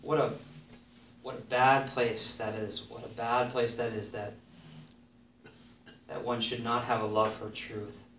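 A man with a mid-range, fairly bright voice preaches an earnest sermon, repeating phrases for emphasis and reading scripture aloud. He speaks a little slowly, pauses often, and keeps his pitch fairly steady. The room is echoey, he sits somewhat far from the mic, and there is faint background noise.

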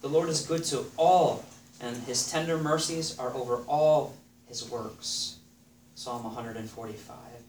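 A man's voice: mid-range voice, steady tone, measured pace, a little mellow. A man preaching a sermon in an earnest way, repeating phrases for emphasis and reading scripture aloud. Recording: echoey room, voice somewhat far from the mic, faint background noise.

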